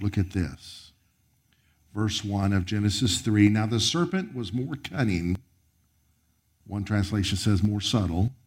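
A man preaching a sermon, reading scripture aloud and commenting on it, his voice rising high and then dropping to a near whisper. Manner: preaching with sharp swings of pitch and volume, dropping to a near whisper. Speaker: pastor.

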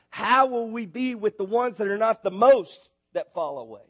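A missionary preacher delivers a sermon in church, his husky voice pitched high for a man. He speaks at a moderate pace, animated and conversational, rising to loud, emphatic near-shouts whenever he drives a point home.

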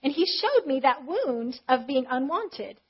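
A woman preacher telling a personal story in a conversational sermon, candid and animated. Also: sits high, measured pace. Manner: candid, animated retelling with acted quotes. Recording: slightly dull, muffled audio.

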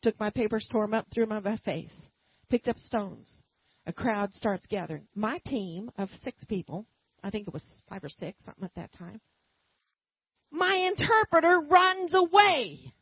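Woman preacher, high husky voice, very animated sermon, slightly muffled dry recording. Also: normal speed, dry recording. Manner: animated, swings from quiet asides to loud emphatic bursts. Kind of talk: sermon with personal story.

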